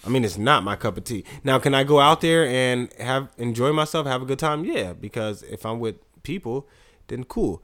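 A man's voice: mid-range voice, animated, moderate pace, fairly bright tone. Profane laid-back guy telling stories. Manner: profane, laughing storyteller. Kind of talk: casual chat.

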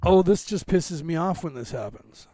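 A man hosting a casual livestream, rambling and interrupting himself while he fixes his screen share, clearing phlegm from his throat. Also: a little high, lively intonation, normal speed, mellow, dry recording, clean studio sound. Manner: rambling, self-interrupting while fixing tech. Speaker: livestream host.

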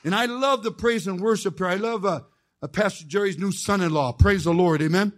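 A man preaching a fiery sermon as a chaplain, telling folksy stories with jokes and rising into shouted call-and-response. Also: high voice, brisk. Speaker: chaplain preaching as guest speaker.

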